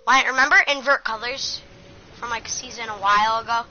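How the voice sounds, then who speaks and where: A woman streaming a video game, chattering and trash-talking in loud, excitable bursts. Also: fairly high pitch, brisk. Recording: muffled lo-fi mic with loud noise.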